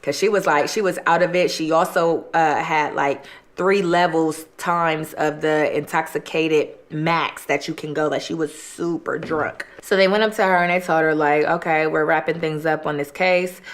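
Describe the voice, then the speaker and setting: A woman's voice: low voice, steady tone, normal speed. A woman hosting a mukbang, casually retelling a true-crime case in a chatty way, full of "like" and acted quotes. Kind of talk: casual true-crime storytelling while eating.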